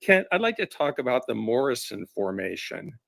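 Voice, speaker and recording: A man's voice: medium pitch, big pitch swings, normal speed, gravelly, a bit bright, dry recording. A man calling in to a show, polite and a bit hesitant. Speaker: caller.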